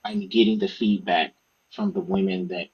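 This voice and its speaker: A man, an author and podcast guest, telling stories in a casual, profane, animated way and acting out what others said. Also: deep voice, normal speed, slightly rough, dull audio. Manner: animated, profane, acts out quoted speech. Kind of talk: casual storytelling interview.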